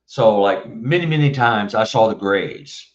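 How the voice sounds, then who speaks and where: A man's voice: on the low side, unhurried. Rambling older man from Texas. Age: 70s. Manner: rambling, animated storyteller with frequent restarts. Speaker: guest author. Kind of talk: casual interview storytelling. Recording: distant, muffled, roomy mic.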